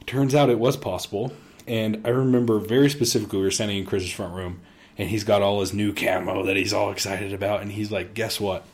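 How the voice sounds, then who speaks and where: A man co-hosting a podcast, telling hunting stories in casual chat and acting out quotes with an animated, delivery. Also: lowish voice, brisk. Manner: animated storyteller, acts out quotes. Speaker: podcast co-host.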